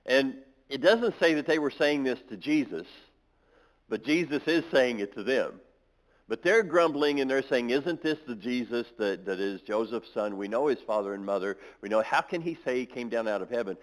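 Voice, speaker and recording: A man's voice: mid-range voice, expressive, normal speed, rough recording. Male pastor, mid-range voice, sermon reading and explaining scripture. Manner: reads scripture aloud then explains it, with restarts. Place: church.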